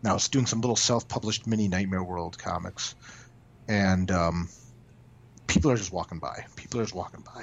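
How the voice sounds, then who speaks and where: Telling stories in a casual interview, a male comic book writer speaks fairly quickly in a low, gravelly voice, animated and full of restarts and stammered repeats. There's slight background noise, and the audio is dull and lo-fi.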